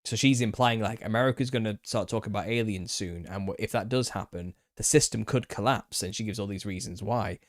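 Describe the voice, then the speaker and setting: A man's voice: on the low side, a little fast, hardly any pauses, no room sound, studio quality. A man with a Northern English accent, hosting a casual live Q&A, rambling and chuckling as he answers viewer comments. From England. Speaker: channel host.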